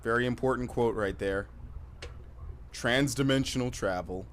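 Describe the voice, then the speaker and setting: A man's voice: mid-range voice, moderate pace, slight background noise. A man with a nasal voice doing let's-play commentary in an old recording. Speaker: gaming channel host in an old recording.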